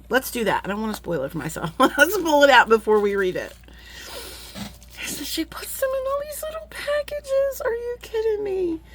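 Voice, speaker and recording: A woman's voice: mid-range voice, a bit bright. A woman vlogger chatting casually at home, gushing and laughing as she talks to her viewers like friends. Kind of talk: excited casual unboxing chat.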